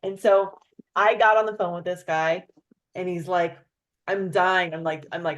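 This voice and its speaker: A woman hosting a casual chat, telling a story with lively, acted-out quotes of other people. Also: fairly low pitch, normal speed. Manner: animated storyteller, acts out quoted voices. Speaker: host.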